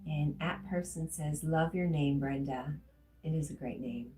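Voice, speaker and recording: Her voice is low and unhurried, with faint music playing behind her. She's running a relaxed livestream, reading the chat out loud and replying warmly, at times becoming emotional.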